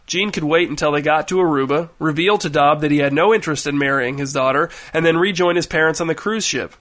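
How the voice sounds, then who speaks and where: A man reading a story aloud in a wry, even storytelling manner. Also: fairly high pitch, fast. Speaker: narrator. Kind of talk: audiobook narration.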